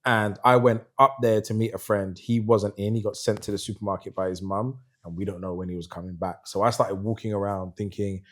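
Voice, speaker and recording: A middle-aged podcast host tells a story in casual conversation, an animated storyteller who puts on voices whenever he quotes someone. His voice is lowish and a little fast, with hardly any pauses.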